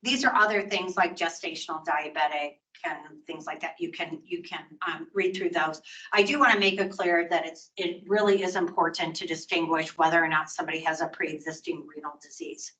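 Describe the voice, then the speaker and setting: An older woman gives a nursing lecture in a chatty, teacherly way and now and then acts out a patient's words. Her voice is bright and clear. She sits some distance from the microphone. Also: deep voice, steady tone, normal speed. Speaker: nursing educator. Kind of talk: recorded continuing-education lecture.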